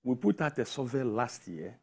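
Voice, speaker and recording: A man's voice: medium pitch, sing-song, normal speed, a little mellow, slightly rough. A man with a Nigerian accent, a studio guest explaining a point emphatically with figures. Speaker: guest, tech education founder. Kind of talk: studio interview.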